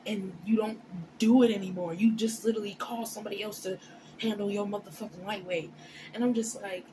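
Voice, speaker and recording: A woman giving a casual motivational talk to camera, blunt and emphatic, with frequent cursing. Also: fairly high pitch. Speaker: motivational vlogger. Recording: noisy background.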